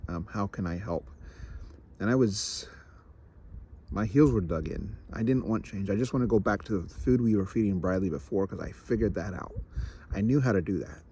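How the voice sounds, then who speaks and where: A man's voice: fairly low pitch, a little fast, mellow, breathy edge. A young man reflecting candidly in a personal vlog, self-deprecating, often restarting and repeating himself. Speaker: vlogger.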